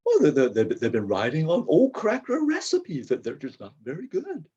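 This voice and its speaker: A flustered older cracker factory worker rambles and stammers through his complaints, as a man plays him in improv. His pitch swings wildly and his voice is husky. The sound is a dull, lo-fi video call. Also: wildly swooping pitch, moderate pace, dark tone, exaggerated voice. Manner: rambling, stammering, bursts of high-pitched indignation. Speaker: improv performer.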